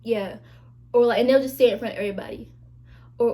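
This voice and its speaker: A young woman vlogging in a frank, chatty way, her voice sitting a little high but soft and mellow in tone. She talks straight to her viewers with emphatic asides, like a friend spilling about her life. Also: fast talker. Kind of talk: casual confessional chat to camera.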